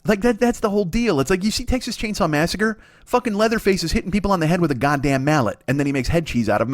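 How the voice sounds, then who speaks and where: A man in his forties hosting a comedy podcast, riffing through a profane, excitable monologue. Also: on the high side, no room sound, clean studio sound. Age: 40s.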